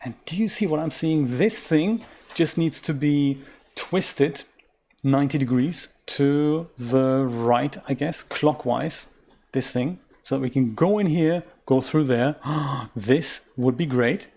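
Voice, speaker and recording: A man's voice: medium pitch, takes it slowly, warm tone. Chatty man narrating a puzzle game. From Germany. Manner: chatty, self-mocking, rambling asides. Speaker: game streamer. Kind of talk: casual let's-play commentary.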